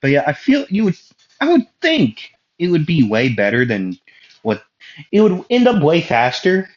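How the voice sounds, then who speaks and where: A man's voice: on the high side, wildly swooping pitch, normal speed, dull audio. A young man casually narrating a fan story, rambling with fillers and self-deprecating asides.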